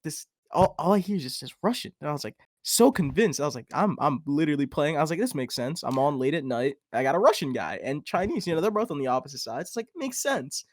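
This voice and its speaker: A young man co-hosting a podcast, telling a rambling, animated story full of fillers in casual chat. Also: a little high, quick pace, few pauses. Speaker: podcast co-host.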